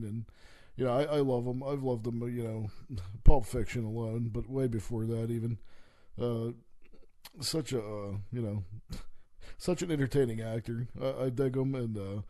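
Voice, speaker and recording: A man hosting his own show, ranting in a casual, heavily profane way, halting often on fillers and restarts. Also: mid-range voice, dark tone, dry recording. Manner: heavy swearing, halting with many fillers. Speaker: podcast host. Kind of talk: profane rambling rant.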